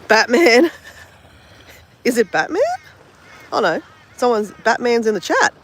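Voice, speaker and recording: A woman, chatting excitedly to viewers on a phone live stream at the beach. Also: fairly high pitch, a little slow, long pauses, low-quality recording. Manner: chatty, excitable, repeats herself. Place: outdoors, driving to and walking at a beach. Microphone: phone held in hand.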